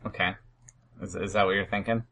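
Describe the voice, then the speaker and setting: A man's voice: sits low, steady tone, fairly quick, creaky, pushed and bright. A man co-hosting a casual fantasy baseball podcast, dry and teasing, with a mild Oregon accent. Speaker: podcast co-host.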